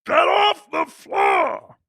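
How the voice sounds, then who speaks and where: A man voicing a gruff male neighbor who slurs from having half a tongue, shouting angrily. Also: very high-pitched, extremely slow, no room sound, clean studio sound, pitched above the performer's own voice, full character voice. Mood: angry shouting. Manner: slurred, shouting.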